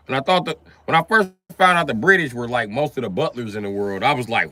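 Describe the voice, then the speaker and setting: A man's voice: medium pitch, fast, hardly any pauses, sharp tone, a little hiss or hum. An American man doing a live-stream comedy rant, riffing and swearing, and repeatedly addressing one listener. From United States.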